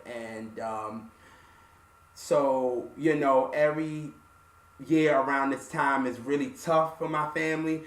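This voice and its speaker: Soft-spoken man in an echoey room. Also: mid-range voice, steady tone, recorded from a distance. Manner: halting, soft-spoken, many fillers. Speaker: music show host. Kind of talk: emotional personal story to camera.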